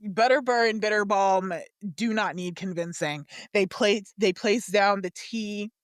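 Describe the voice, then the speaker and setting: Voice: mid-range voice, unhurried, dry recording, clean studio sound. A person narrating a tabletop game as game master, in a casual, descriptive way with fillers.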